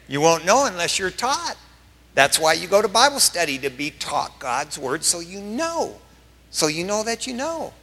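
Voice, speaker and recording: A male pastor preaching a verse-by-verse sermon, emphatic and full of stories, his voice swinging up in excited bursts. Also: high-pitched, normal speed, in a large hall.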